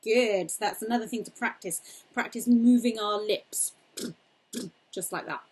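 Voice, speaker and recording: A young woman singing teacher leading a cheerful, encouraging warm-up lesson, demonstrating vocal exercises. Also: a little high, normal speed, slight background noise.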